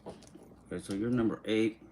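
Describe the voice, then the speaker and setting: A man's voice: fairly low pitch, fairly even intonation, a little mellow, slight background noise. A man chatting casually on a livestream, reading viewer comments and mixing English and Spanish slang. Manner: easygoing, mixes English and Spanish slang, sounds out names slowly.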